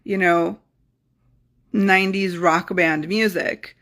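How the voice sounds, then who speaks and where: Host: middle-aged woman, gravelly edge, animated storyteller talking to camera. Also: fairly low pitch, slow. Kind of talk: casual talk to camera.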